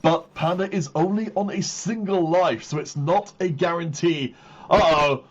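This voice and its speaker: As host caster for a live esports tournament, a man with a slightly high, slightly husky voice goes through the standings methodically and unhurriedly. He's excitable, surging with hype at decisive moments. The highs in the audio are cut off.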